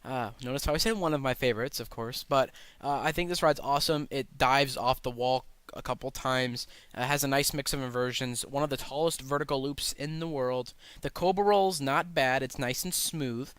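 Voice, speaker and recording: A man's voice: medium pitch, normal speed, fairly bright tone, smooth, dry recording. A young man hosting a casual countdown vlog, talking eagerly and rambling with fillers and restarts. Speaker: channel host ranking roller coasters.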